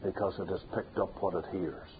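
A low-voiced man preaches briskly with fairly even intonation, repeating points insistently until his voice rises to loud, forceful peaks. The audio is thin and phone-like, with a faint hiss beneath.

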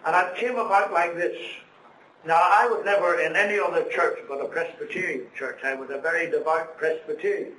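A man's voice: on the high side, a little fast, a bit bright. A middle-aged man preaching a sermon, telling his own story earnestly with preacherly emphasis. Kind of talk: sermon testimony. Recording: echoey room, distant mic, faint noise.

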